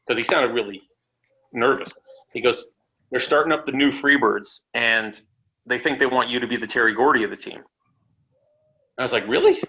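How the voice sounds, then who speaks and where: A man from Canada, a wrestler guest on a podcast interview, telling stories in a casual, animated way, swearing freely and acting out what others said. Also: medium pitch, creaky. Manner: animated, swearing, acts out quotes. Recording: dull lo-fi audio with faint noise.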